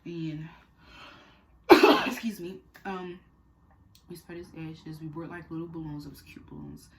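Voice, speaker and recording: A woman's voice: deep voice, fairly even intonation, a little slow, rough recording. A young woman speaking candidly in a personal storytime vlog, conversational and full of fillers, turning earnest and direct when she gives advice. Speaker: vlogger.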